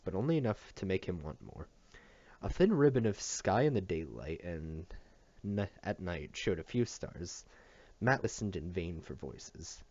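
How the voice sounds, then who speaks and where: A man with a deep, low voice reads a novel aloud, tripping over a word now and then and going back to fix it. The take is dry and a little dull, like a lo-fi home recording. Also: a little mellow, dry recording. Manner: plain reading with stumbles and self-corrections. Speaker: audiobook reader.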